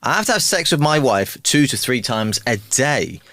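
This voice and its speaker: A man voicing an excitable male patient in a spoken joke, his voice jumping much higher. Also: moderate pace, no room sound. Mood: boastful. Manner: jumps much higher and louder. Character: excitable man confessing to a doctor.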